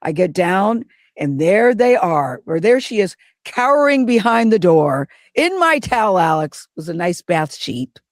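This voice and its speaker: A woman as an interview guest, telling a personal story in a lively way and acting out what people said. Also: fairly low pitch, unhurried, dry recording, studio quality. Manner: animated, acts out quotes. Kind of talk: anecdotal storytelling.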